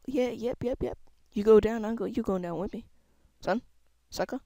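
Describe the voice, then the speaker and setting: Goofy woman gamer, mid-pitched, dry close desktop mic, playful self-mocking commentary. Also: normal speed, creaky, hardly any pauses, mellow, no room sound. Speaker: gameplay commentator. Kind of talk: casual let's-play commentary. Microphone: desktop microphone at a computer.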